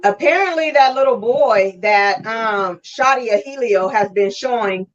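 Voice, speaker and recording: A woman's voice: fairly high pitch, measured pace, faint music behind. A woman hosting a casual livestream interview, affirming her guest and steering with questions. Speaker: livestream host. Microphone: video call. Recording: muffled lo-fi stream audio.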